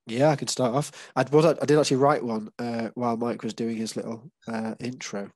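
A man's voice: mid-range voice, steady tone, fairly quick, darkish tone, no room sound. An English man leading a casual group session, explaining patiently with many fillers and restarts. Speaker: workshop leader.

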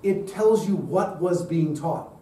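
A man's voice: a little high, slow, dark tone, very echoey, recorded from a distance, poor audio. A man giving an emphatic lecture-style talk at a public event, posing rhetorical questions to the audience.

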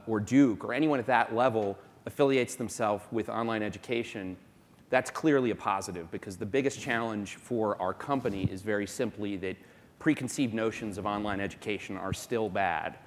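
A man from South Florida speaking as a company executive on a conference panel, emphatic and quick to make his point. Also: fairly low pitch. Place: conference hall. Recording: long reverb of a conference hall.

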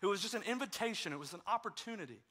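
A man's voice: high-pitched, lively intonation, racing, pushed and bright. A man preaching a conversational sermon as a pastor, telling stories in a casual way with self-deprecating humor. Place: church sanctuary.

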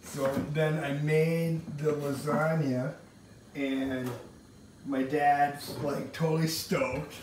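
A man from Wisconsin chats and tells family stories while cooking, slipping into voices for the people he remembers. His voice sits a bit high. The mic hangs well back in a very echoey kitchen, with a clear layer of background noise. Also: little pitch movement, takes it slowly, far from the mic. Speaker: home cook and vlogger. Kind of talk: rambling storytelling while cooking. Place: home kitchen.

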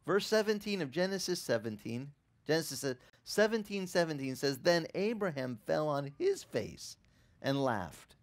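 Middle-aged male pastor, sermon, lively storyteller who acts out quotes, wide pitch swings. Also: moderate pace.

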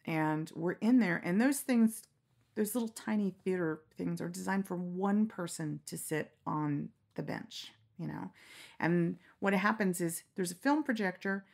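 A middle-aged woman telling candid stories in a relaxed interview, frank and quick to laugh, acting out the lines she quotes. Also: on the low side, vocal fry. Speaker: storyteller guest. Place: lying down in a quiet room.

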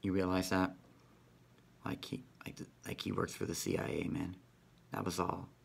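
A man's voice: low-pitched, flat delivery, moderate pace, gravelly, husky. A man vlogging in a rambling, profane monologue, ending nearly every sentence with "man". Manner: rambling, repeats "man" constantly; profane, conspiratorial.

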